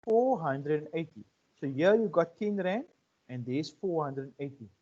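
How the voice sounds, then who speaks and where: A man giving a relaxed economics lecture, often checking in with his students. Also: fairly high pitch, normal speed. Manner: conversational, checks in with 'right?' and 'okay?'. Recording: muffled lo-fi audio.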